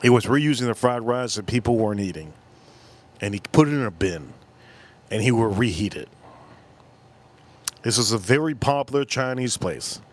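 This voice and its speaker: A man's voice: medium pitch, animated, normal speed, pauses often. American dude on a livestream, rambling crude banter w/ chat, sipping drinks as he goes. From United States. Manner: drinking on stream between lines. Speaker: livestream host.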